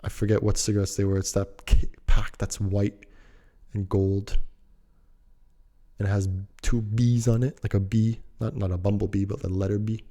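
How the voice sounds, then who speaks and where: A man's voice: fairly low pitch, level tone, moderate pace, dark tone. A young man telling a story in a casual, rambling, slangy, laid-back way.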